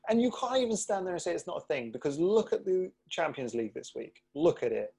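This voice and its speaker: A man's voice: fairly high pitch, very animated, a little fast, gravelly, mellow, slightly rough. A man co-hosting a podcast in casual chat, talking in an indignant, emphatic way. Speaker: podcast co-host.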